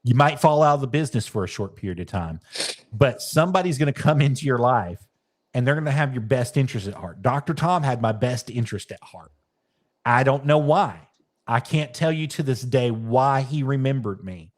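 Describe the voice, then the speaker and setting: A man who wrestles, chatting in a loose, animated storytelling style and dropping casual swears. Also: medium pitch, a little fast.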